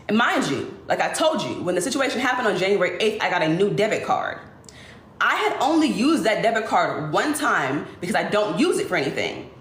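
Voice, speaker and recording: Brief: woman, lower voice, animated emotional storytelling, echoey room. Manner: animated, speeds through dramatic retelling. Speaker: influencer livestreamer.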